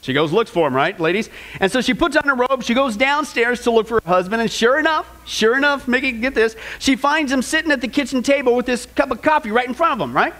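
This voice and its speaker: High-pitched guy preacher, animated storytelling sermon, keeps asking the crowd stuff. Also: quick pace. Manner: animated storytelling, quizzing the congregation; stammering repeats. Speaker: pastor.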